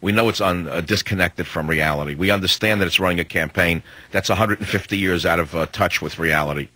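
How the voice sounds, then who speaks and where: A man's voice: low voice, fast, bright, forceful tone, dry recording, rough recording. A combative talk radio host, a man in his sixties, delivering an emphatic, hectoring monologue on a studio microphone.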